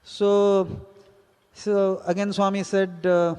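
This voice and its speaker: A teacher with a high-sitting voice recounts a personal story from his student days, acting out the exchanges he quotes. He speaks at a moderate pace, and the recording has hall reverb.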